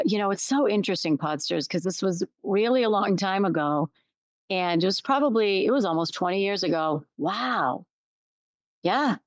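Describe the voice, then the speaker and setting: A woman's voice: medium pitch, no room sound. Candid woman hosting a podcast, dry sound. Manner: candid, storytelling, restarts and emphatic repetition. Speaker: podcast host. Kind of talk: reflective solo podcast talk.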